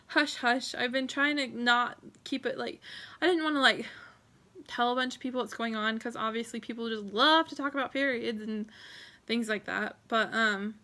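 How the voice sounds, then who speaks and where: A woman's voice: fairly high pitch, sharp tone. A young adult woman giving a rambling, emotional personal vlog update, teary and full of thanks. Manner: emotional, rambling, grateful, tearful at times. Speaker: vlogger.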